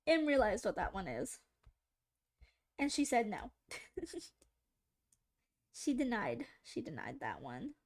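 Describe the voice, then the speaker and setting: Streaming as she draws, a woman with a fairly high, darkish voice talks slowly with huge swings in pitch and frequent pauses. Her casual chat with viewers is giggly and rambling, sprinkled with silly voices.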